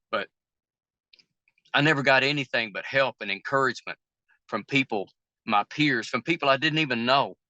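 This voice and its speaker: A man's voice: medium pitch, pushed and bright, dry recording. An older man with a Southern American accent, a river boat captain telling candid stories in an interview, plain-spoken and folksy, acting out the dialogue of the people in his stories. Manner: folksy, plain-spoken storyteller who acts out quoted dialogue.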